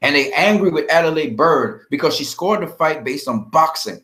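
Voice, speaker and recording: Man, somewhat high voice, angry profane rant, confrontational boxing vlog commentary. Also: lively intonation, normal speed, pushed and bright. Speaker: boxing vlogger. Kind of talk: ranting fight commentary.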